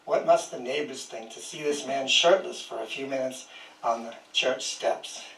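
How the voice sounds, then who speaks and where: A man's voice: mid-range voice, moderate pace, creaky, fairly bright tone, slight background noise. Older man reading his poems in a roomy space. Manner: dry humor, chuckles between poems. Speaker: guest poet. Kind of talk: poetry reading with casual asides. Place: small historic house, indoors. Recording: roomy sound from a distant mic.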